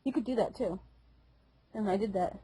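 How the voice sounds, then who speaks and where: A woman co-hosting a casual gaming podcast, chatty and quick to laugh, filling her talk with "like.". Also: medium pitch, warm tone, breathy edge, no room sound, low-quality recording. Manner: chatty, laughs often, many "like" fillers. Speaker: podcast co-host.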